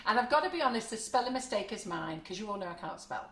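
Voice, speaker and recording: A woman's voice: medium pitch, very animated, fast talker, echoey room, a crowd in the background. A woman hosting a live cake decorating demo, chatty and frank, laughing often. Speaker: baking show host. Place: home kitchen studio.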